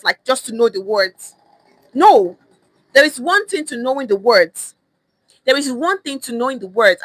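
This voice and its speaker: A woman's voice: high-pitched, sharp tone, no room sound, rough recording. Emphatic Nigerian woman teaching live. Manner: emphatic, repeats phrases, acts out reactions. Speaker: online language teacher. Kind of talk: casual livestream lesson. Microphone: phone or webcam on a live stream.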